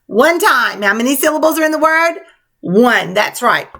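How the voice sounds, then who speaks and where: A woman's voice: high voice, expressive, moderate pace, gravelly, bright, forceful tone. A woman teacher leading young children through a spelling lesson, coaching them patiently in a sing-song classroom manner.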